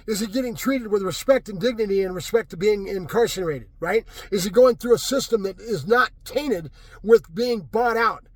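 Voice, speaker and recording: An agitated man vents in an angry political rant, circling back again and again with "right?". His voice sits high for a man and has a husky edge. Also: fairly quick, no room sound. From California. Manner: agitated, repetitive, keeps asking "right?". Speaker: vlogger.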